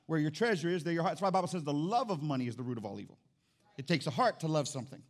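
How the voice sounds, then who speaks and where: High-voiced preacher, lively sermon. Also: male voice, racing. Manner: animated, acts out quotes, calls out to congregation. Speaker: pastor. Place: church.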